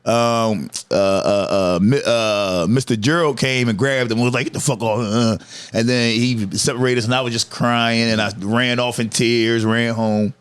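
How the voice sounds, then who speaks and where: A man, a comedian guest on a podcast, telling stories in animated, profane, laughing chat. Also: mid-range voice, measured pace, clean tone.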